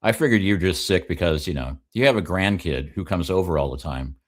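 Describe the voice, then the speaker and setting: A man's voice: low voice, lively intonation, a little fast. A man on a casual political talk panel, wry and joking, often laughing at his own remarks. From Oregon. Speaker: regular panelist.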